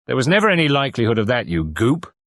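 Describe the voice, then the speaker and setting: A man voicing a brisk, cheerful family doctor in an audiobook, talking breezily. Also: mid-range voice, lively intonation, dry recording, clean studio sound, voice pushed up, close to an everyday voice.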